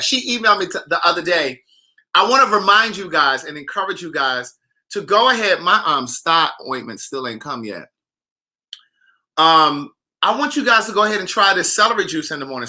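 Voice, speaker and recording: A man's voice: high-pitched, bright, forceful tone. A man hosting a casual, sassy gossip chat and reading out viewer comments as he talks. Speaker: author hosting a live chat.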